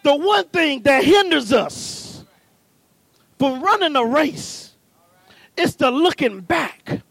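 A male preacher with a very high voice delivers a fervent sermon, swinging from calm teaching to shouted exhortation. He talks in a folksy, punchy way straight at the congregation, caught up close and dry. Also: takes it slowly, creaky, no echo.

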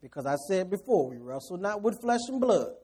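A male preacher with a high, mellow voice delivers a sermon. He is animated, swinging from hushed scripture reading to loud, quick-fire preaching. He chuckles as he talks straight to the congregation. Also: breathy edge.

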